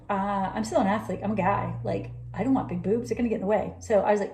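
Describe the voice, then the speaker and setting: A woman talks through a personal story in loose, rambling chat, laughing now and then and acting out the lines of the people in it. Her voice is mellow and soft, and it rings a little in a roomy space. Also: mid-range voice, fairly quick, slight background noise. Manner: animated, rambling, laughs often, acts out quoted dialogue. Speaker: vlogger recounting a personal experience. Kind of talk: casual storytelling monologue. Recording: roomy echo.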